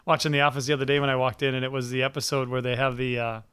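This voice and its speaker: A man in casual chat, telling animated stories, laughing often and swearing freely. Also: medium pitch, very fast, clear, resonant tone, no room sound.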